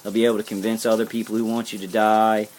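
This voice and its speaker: A man's voice: lowish voice, little pitch movement, quick pace, a little mellow, slight background noise. Intense rambling man giving a spiritual pep talk. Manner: rambling, repeats himself; earnest, intense. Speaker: vlogger.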